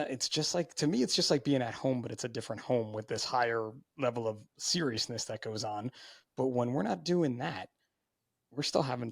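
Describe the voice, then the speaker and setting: A man hosting a podcast, talking in a relaxed, reflective, casual way. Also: mid-range voice, gravelly, no echo, clean studio sound. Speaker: podcast host. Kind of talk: casual chat.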